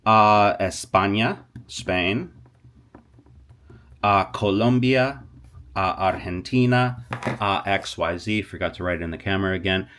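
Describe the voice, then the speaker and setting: A man teaching a casual language lesson, animated, talking straight to viewers and often stopping to restart. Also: deep voice, measured pace, pauses often. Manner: animated, talks to viewers, stops and restarts a lot. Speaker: Spanish teacher.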